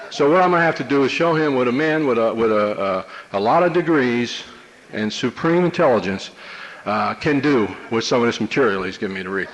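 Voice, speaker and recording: A man's voice: medium pitch, lively intonation, a little fast, a little hiss or hum, low-quality recording. Male speaker at a meeting, streetwise and self-mocking, plain mid voice, faint background ambience. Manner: streetwise, wry, conversational with many "you know"s. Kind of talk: personal story talk to a meeting. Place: meeting room before an audience.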